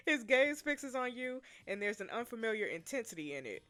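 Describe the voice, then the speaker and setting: Animated woman reacting to a story game. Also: fairly high pitch, moderate pace, soft background music. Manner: animated, laughing, talking to viewers as y'all. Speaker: gamer.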